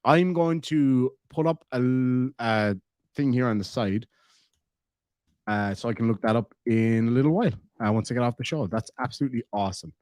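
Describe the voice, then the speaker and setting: An Irish man chats loosely and wanders from story to story, cursing as he goes. He has a middle-pitched voice with a dry close sound and no room echo. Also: normal speed, darkish tone. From Ireland. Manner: rambling storyteller, swears freely. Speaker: streamer reading chat. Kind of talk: casual chat.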